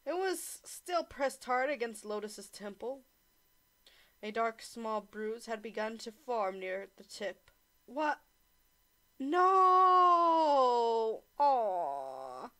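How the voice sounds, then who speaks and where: A young woman streamer reads a visual novel aloud in a casual read-along, her voice fairly high and her pace slow. She swears, laughs, and breaks off between lines to crack jokes.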